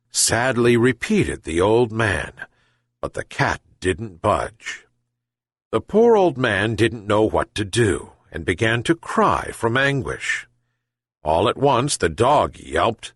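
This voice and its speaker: A man narrating a children's fable slowly and expressively. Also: on the low side, no room sound. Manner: slow and expressive. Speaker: storyteller. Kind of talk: storybook narration.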